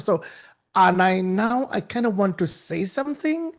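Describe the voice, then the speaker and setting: A man with a high, gravelly voice tells a story to an audience. He acts out the people in the story and repeats phrases for effect. He talks in a loose, animated way with many restarts. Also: unhurried. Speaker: guest speaker. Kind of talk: storytelling talk.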